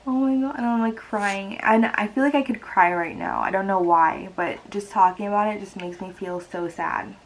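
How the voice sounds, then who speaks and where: A woman's voice: medium pitch, normal speed, hardly any pauses, slight background noise, poor audio. A woman in her twenties telling a personal story in a casual, chatty way, with a lot of "like" and moments where she gets emotional. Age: 20s. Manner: chatty, heavy use of "like", emotional and teary. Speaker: vlogger.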